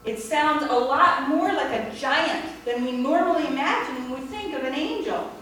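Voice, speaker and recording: High-voiced woman preaching in an echoey church. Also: lively intonation, normal speed, a bit bright, recorded from a distance, slight background noise. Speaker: priest. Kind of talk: sermon.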